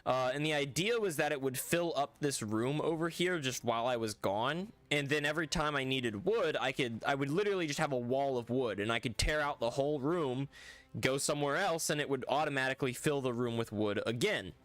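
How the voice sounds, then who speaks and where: A streamer chatting casually while playing, rambling in a relaxed way with lots of restarts. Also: mid-range voice, brisk, dry recording. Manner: rambling and laid-back, lots of restarts and laughs. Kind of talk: casual livestream chat while gaming.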